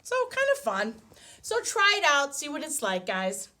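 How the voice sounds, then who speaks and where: A woman teaches a preschool class over video, cheerfully leading exercises and counting aloud with the small children. Her high voice is sing-song and sharp-toned, at a moderate pace, in an animated online lesson.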